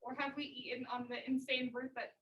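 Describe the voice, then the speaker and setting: A woman's voice: high-pitched, level tone, brisk, lo-fi sound, natural voice. A woman reading the part of a wary, questioning nobleman aloud in class, plainly and with small restarts. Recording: far-off mic in echoey classroom.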